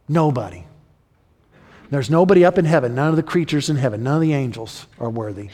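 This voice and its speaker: A man preaching a sermon as a pastor, building to emphatic repeated questions and then dropping low and slow. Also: a little mellow, long reverb tail.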